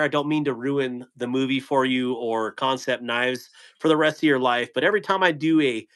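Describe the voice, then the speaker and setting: A man of middle pitch hosts a relaxed live stream. He talks in a loose, rambling way and drops one corny dad joke after another for his viewers. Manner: rambling, telling corny jokes. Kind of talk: casual live stream chat.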